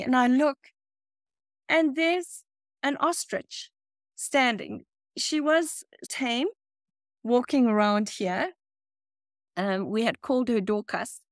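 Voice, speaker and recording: A woman's voice: high voice, no room sound, studio quality. A woman guest from South Africa telling a personal faith story, emotional and laughing often as she talks.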